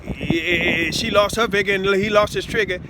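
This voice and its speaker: A man giving a rambling, improvised talk to his listeners, halting with many stammered repeats and asides of "see?". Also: high voice, fairly even intonation, very noisy. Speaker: self-styled speaker addressing listeners.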